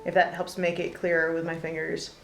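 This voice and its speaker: A woman teaching a casual fiddle lesson, relaxed and chatty with many pauses and fillers between playing. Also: on the low side, gravelly, over loud music. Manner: relaxed, lots of ums, talks between demonstrations. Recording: roomy with loud fiddle playing.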